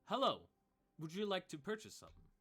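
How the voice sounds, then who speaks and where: A man's voice: medium pitch, animated, a little fast, a bit bright, soft background music, voice pushed up, natural voice. A man voicing a polite male robot shop assistant with a British-sounding, formal, mechanical manner.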